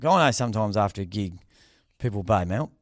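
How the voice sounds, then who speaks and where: A man with an Australian accent, a comedian co-hosting a podcast, teasing his co-host with quick comebacks in casual chat. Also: lowish voice, expressive, no room sound.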